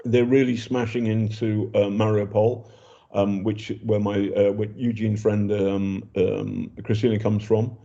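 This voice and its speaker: Older british man, war reporter, mellow low voice, muffled lo-fi line. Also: little pitch movement, unhurried, creaky. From Britain. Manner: chatty, hesitant, many ums and restarts. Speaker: journalist reporting from a war zone. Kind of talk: casual spoken report.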